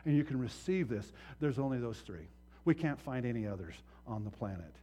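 A man preaching a sermon as pastor, impassioned and swinging from hushed to loud, acting out voices in his stories. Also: mid-range voice, animated, a little fast, breathy edge.

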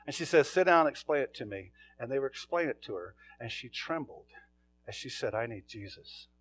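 A man preaching a sermon, telling stories in a folksy, plain-spoken way and swinging from quiet asides to loud calls. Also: mid-range voice, animated, brisk, faint music behind. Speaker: pastor.

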